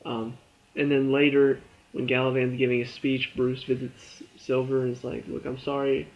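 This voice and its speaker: A young man with a middle-pitched voice chats through a TV episode review. He rambles, tosses in fillers and acts out the characters' lines in quick asides. The recording sounds a little dull and lo-fi. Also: completely flat delivery. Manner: chatty and rambling, full of fillers and quoted asides. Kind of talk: casual spoken review.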